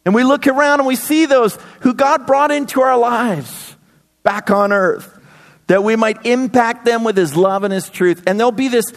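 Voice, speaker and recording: A man in his thirties preaching a sermon in a church, energetic, with sudden loud bursts. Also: very high-pitched, normal speed. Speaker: pastor. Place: church sanctuary. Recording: long hall reverb.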